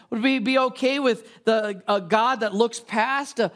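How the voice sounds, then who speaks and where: A man's voice: extremely high pitch, a little slow, fairly bright tone. A male pastor preaching a conversational sermon, telling stories and asking rhetorical questions. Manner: asks many rhetorical questions; casual and storytelling, with fillers.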